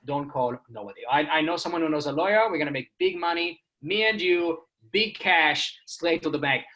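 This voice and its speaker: A man's voice: a little high, a little fast, sharp tone. A man voicing a blunt, pushy salesman who speaks broken English. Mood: pushy, rude. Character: pushy rude male Israeli street salesman.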